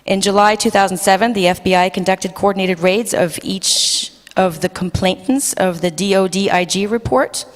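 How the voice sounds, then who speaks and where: A woman moderating a panel discussion reads introductions from notes, using fillers and restarting phrases. Her voice is medium-pitched at a moderate pace with few pauses, carried by the long reverb of a hall.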